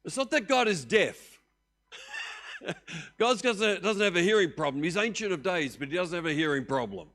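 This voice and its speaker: An older Australian man preaching a sermon as pastor, animated and joking in a conversational way. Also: high-pitched, moderate pace.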